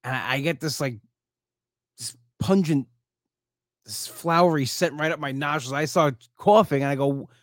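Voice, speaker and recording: A man's voice: fairly high pitch, normal speed, long pauses, dry recording, clean studio sound. Tired man rambling through a story. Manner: rambling storyteller with restarts, animated when quoting people. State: exhausted, low on energy. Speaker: podcast host. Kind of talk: casual solo podcast monologue.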